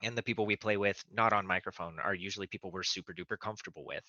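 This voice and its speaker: A man's voice: sits low, very fast, pushed and bright, no echo. A man on a tabletop gaming panel, chatting casually in a rambling, self-deprecating way with lots of fillers, recorded with dull, muffled audio. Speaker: tabletop game player, panelist.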